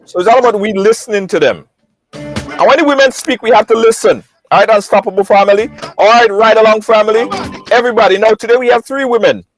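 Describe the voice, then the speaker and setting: A man hosting a live online talk show, lively and repetitive, greeting viewers by name. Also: sits high, quick pace, soft background music, low-quality recording. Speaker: host.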